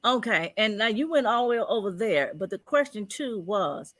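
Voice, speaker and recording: A woman co-hosting a casual relationship panel discussion, chatty and animated, full of fillers and restarts. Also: mid-range voice, moderate pace, dry recording.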